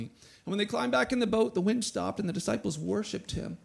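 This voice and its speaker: A man preaching a sermon to a church, reading scripture and acting out quotes with a rising, animated voice. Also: sits high, fairly quick, gravelly, husky. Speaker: pastor.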